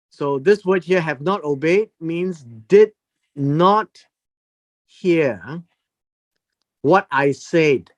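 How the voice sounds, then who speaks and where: Slow, lively-pitched Bible teacher. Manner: deliberate, emphatic, explains word meanings with repetition.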